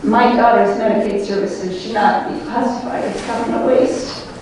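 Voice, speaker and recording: A woman's voice: on the high side, fairly even intonation, moderate pace, darkish tone, a little hiss or hum. Emotional woman reading a statement in an echoey hall. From New York State. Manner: earnest, emotional, voice wavering. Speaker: citizen speaker at a town hall. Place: large public hall. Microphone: floor microphone heard from afar. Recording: echoey hall recorded from far off.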